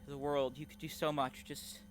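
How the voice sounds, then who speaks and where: A woman voicing a dying young man who gets out his last words in halting, broken pleas. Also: deep voice, level tone, a little hiss or hum, natural voice.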